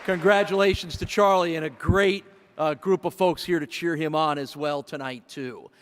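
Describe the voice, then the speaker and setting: A man with a high voice emcees a banquet and briskly announces each inductee. His voice echoes through a large hall. Faint room noise sits behind him. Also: steady tone.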